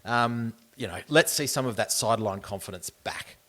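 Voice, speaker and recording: Animated Australian podcast co-host. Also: male voice, mid-range voice, normal speed. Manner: animated, acts things out for listeners. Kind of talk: casual sports podcast chat.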